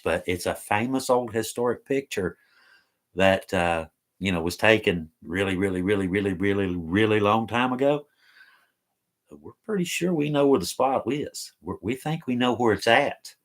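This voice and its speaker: A man, hosting a casual live chat from home and reading viewer comments in an easygoing, folksy way with lots of laughter. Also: lowish voice. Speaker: live stream host.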